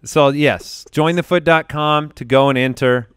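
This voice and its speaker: A man's voice: fairly high pitch, fairly even intonation, a little slow, a bit bright, clear, resonant tone, no echo, studio quality. A man hosting a podcast in casual chat, upbeat and joking as he runs the show. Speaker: podcast host. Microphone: studio podcast mic.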